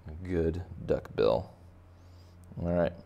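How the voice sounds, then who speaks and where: A man's voice: sits low, slow pace, creaky, dark tone, dull audio. A man teaching kids to draw, chatting casually and making joking asides while he sketches. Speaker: art teacher. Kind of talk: casual drawing tutorial for kids.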